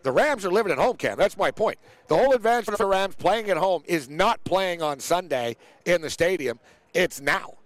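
A man's voice: sits high, animated, moderate pace, dry recording. A man hosting a casual sports chat show, telling stories animatedly and acting out the people he quotes. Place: outdoors near a big event.

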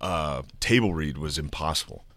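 A low-pitched man talks as a guest on a comedy podcast, his voice forceful and bright at the edges. He is loose and profane and pokes fun at himself. The sound is close and dry with no room echo. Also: animated, moderate pace. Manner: loose, profane and self-deprecating. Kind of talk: casual podcast chat.

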